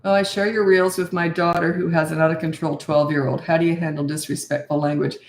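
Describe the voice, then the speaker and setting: A woman's voice: low-pitched, flat delivery, fast, echoey room. A middle-aged woman coaching parents in a live Q&A, giving blunt, no-nonsense advice with rhetorical questions. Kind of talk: live Q&A, answering viewer questions.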